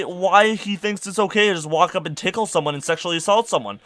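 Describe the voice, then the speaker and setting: A young man hosting a podcast, ranting casually and with exasperation, his voice climbing to near-shouts. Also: sits high, quick pace, no echo. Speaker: podcast host.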